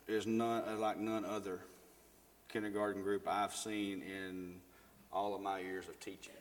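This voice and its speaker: A middle-aged man giving a conversational live sermon to a congregation, asking the audience questions and often repeating himself. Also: on the low side. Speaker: lay preacher and school teacher. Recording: long reverb of a large hall.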